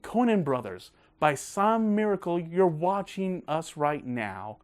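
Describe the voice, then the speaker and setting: A man hosting a casual film review video, talking in a gushing, excited way. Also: a little high, takes it slowly.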